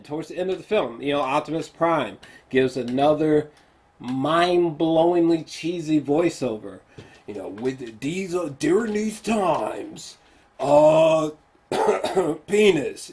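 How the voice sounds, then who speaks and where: Exasperated, swearing male film reviewer. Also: fairly high pitch. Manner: exasperated, profane ranting with many fillers. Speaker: movie reviewer. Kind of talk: casual spoken film review.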